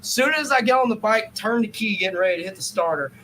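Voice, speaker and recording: A man's voice: high voice, fast talker, a little hiss or hum, low-quality recording. A man telling a story in a loose, profane podcast chat, acting out both sides of the conversation. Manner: animated, profane, acts out quotes.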